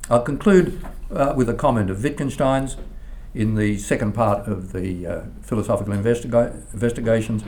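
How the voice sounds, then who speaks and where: An older man, a philosophy professor, reading a formal academic lecture in a measured way, with the odd stumble. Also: lowish voice, dark tone. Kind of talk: academic lecture read from a text.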